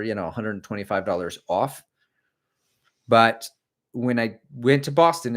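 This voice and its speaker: A man's voice: mid-range voice, a bit bright. A middle-aged man hosting a casual livestream, chatting and rambling as he answers viewer comments about running. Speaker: livestream host and running coach. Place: home.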